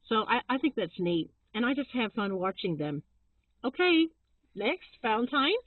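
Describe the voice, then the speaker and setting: A woman's voice: a little high, big pitch swings, normal speed, no room sound. Chatty woman on tinny audio. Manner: chatty, friendly, laughs often. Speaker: channel co-host. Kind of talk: casual chat recommending channels. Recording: tinny, phone-like sound.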